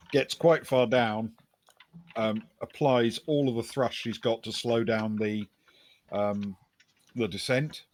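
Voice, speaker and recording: A man with a lowish voice acts as game master for a tabletop role-playing game, narrating the scene casually with filler words and an occasional chuckle.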